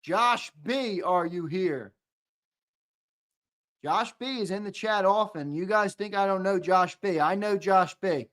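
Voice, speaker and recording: A young man hosts a casual live-stream giveaway, joking with viewers and ribbing them by name. His voice sits somewhat high, and he takes his time with each line. He punches out loud countdowns and drops into mumbled asides. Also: slow. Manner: playful, teasing banter that swings between loud hyped countdowns and low mumbled asides. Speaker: show host running a live-stream giveaway.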